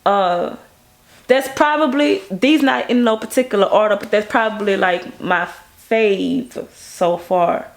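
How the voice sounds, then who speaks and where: A woman from Baton Rouge speaks with a gravelly, fry-tinged edge in her voice. She tells stories in a casual interview as a music video director, with animated energy. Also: a little slow. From Baton Rouge, Louisiana. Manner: animated, acts out quoted people in a higher voice.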